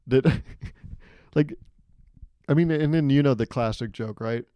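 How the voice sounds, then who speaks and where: Speaking slowly in a mid-range voice that's dark, clear and resonant, a young man records his solo comedic podcast in clean audio without room sound. He hosts it himself on a studio microphone, hearing himself through headphones, rambling in self-mocking fashion and laughing at his own jokes.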